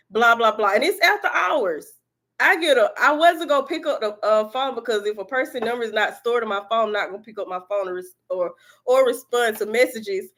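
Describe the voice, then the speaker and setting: A woman, a spiritual reader and channel host, telling animated stories straight to her viewers with lots of swearing and quick laughter. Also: on the high side. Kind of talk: casual storytelling to viewers.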